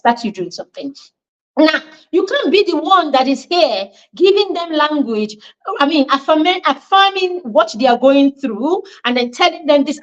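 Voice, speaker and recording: A woman's voice: sits high, highs cut off. Emphatic woman teaching a parenting class. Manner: emphatic, repeats points and asks the listeners questions. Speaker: parenting coach.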